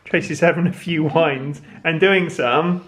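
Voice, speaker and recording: A man's voice: on the high side, fairly even intonation, measured pace, a bit bright. A middle-aged man, chatting casually as host of a family vlog at home, upbeat and self-mocking. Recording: echoey room, faint noise.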